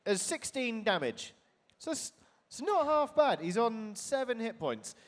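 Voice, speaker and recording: A man acting as dungeon master at a live tabletop game on a convention stage, talking in animated bursts with quick asides. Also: very high voice. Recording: reverberant live hall.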